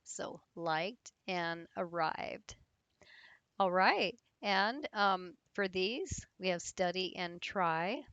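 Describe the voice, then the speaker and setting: Slow, patient woman teaching grammar. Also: lowish voice, lively intonation, fairly bright tone, dry recording, lo-fi sound. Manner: patient, slow, spelling words out with fillers. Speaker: English teacher. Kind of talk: grammar lesson explanation.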